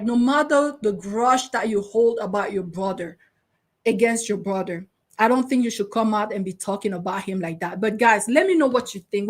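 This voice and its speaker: A young adult woman hosting a show as a relationship coach, giving opinionated commentary and asking her audience and co-host rhetorical questions. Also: medium pitch. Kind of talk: casual commentary chat.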